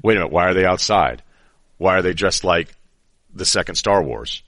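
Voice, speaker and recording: A man's voice: deep voice, lively intonation, a bit bright, no echo, clean studio sound. A man impersonating his bewildered older father, who fires off puzzled questions while watching a movie. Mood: baffled. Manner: puzzled, rapid-fire questioning. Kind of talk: comic impression in podcast chat.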